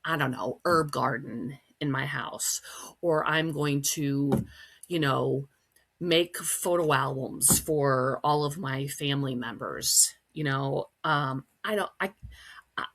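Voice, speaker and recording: Woman, middle-aged, from Wisconsin, podcast host; low, gravelly voice; casual, rambling storyteller. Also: takes it slowly, fairly bright tone. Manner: chatty, storytelling, many fillers, acts out quotes in a high voice. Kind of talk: casual solo podcast chat.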